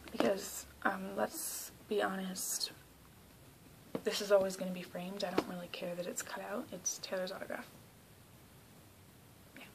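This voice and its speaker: A young woman from South Carolina tells a story straight to camera in a casual vlog. She has a mid-pitched voice and talks in an excited, gushing rush, full of "like". Now and then she sinks into hushed, breathy asides. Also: a little hiss or hum, rough recording. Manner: excitable, gushing, heavy use of "like". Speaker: vlogger.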